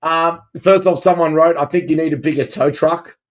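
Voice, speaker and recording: On a comedy podcast, a male co-host chats in a laid-back way about listener comments, laughing at the stories and calling people "mate." His voice is a little high, with fairly even intonation and a normal speed.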